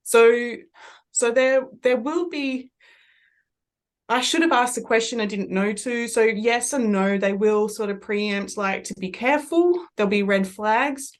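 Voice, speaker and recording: An Australian woman working as a medium, telling rambling, animated stories in a relaxed podcast chat. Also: fairly high pitch, a little slow.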